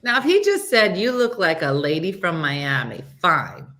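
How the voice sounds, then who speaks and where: The host of a casual morning show, a woman with a fairly low voice speaking at normal speed, tells a funny story. She animates it by acting out quotes and laughs often.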